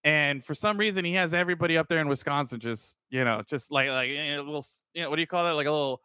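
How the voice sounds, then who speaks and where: A man's voice: fairly high pitch, quick pace, sharp tone, clean tone, dry recording. A man co-hosting a casual sports podcast, rambling and swearing freely, calling his friends bro. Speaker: podcast co-host.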